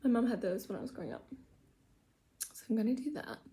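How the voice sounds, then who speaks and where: Speaking fast and very animated, a woman with a warm, fairly high voice does her makeup in her bedroom, and a little background noise can be heard. She's a mom rambling through a loose get-ready-with-me chat, joking at her own expense and now and then trailing off into mutters.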